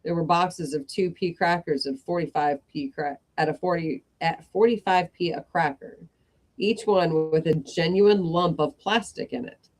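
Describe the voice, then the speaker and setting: A woman reading a comic story aloud in a measured storybook style. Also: on the low side, fairly even intonation, darkish tone.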